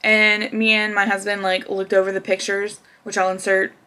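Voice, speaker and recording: A woman's voice: medium pitch, level tone, moderate pace, sharp tone, smooth. A young woman casually telling a personal story to camera, chatty, with frequent laughs and fillers. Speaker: vlogger.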